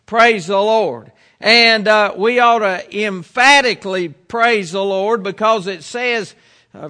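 A man's voice: high-pitched, pushed and bright. A middle-aged preacher from the United States delivering a sermon in an earnest, emphatic way, repeating his points.

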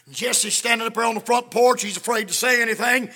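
High-voiced, gravelly male preacher, dramatic storytelling, long hall echo. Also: fairly quick, hardly any pauses. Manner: dramatic storytelling, swinging from hushed to shouting. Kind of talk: sermon.

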